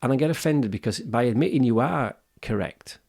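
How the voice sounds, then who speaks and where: A gravelly-voiced man in his fifties makes his points on a wellbeing podcast. His pitch sits mid-range for a man, and he talks earnestly and opinionatedly, often restarting his sentences. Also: lively intonation, fairly quick, darkish tone. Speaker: podcast co-host. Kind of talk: casual podcast discussion.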